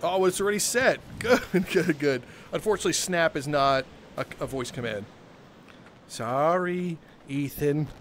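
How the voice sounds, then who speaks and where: A man live-streaming a game, joking with his chat, with bursts of laughter and loud theatrical exclamations. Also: on the high side, lively intonation, brisk, a little hiss or hum.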